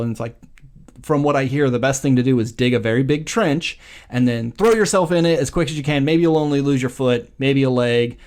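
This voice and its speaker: A podcast host with a mid-range voice casually recaps a film's plot, telling it with animated storytelling, swearing, and acting out the quoted lines.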